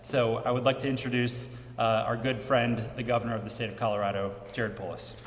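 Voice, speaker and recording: A man's voice: mid-range voice, little pitch movement, brisk, noisy background. Earnest man giving a podium speech. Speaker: legislative leader. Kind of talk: prepared press conference speech. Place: large echoey press room. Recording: roomy, long reverb from the hall.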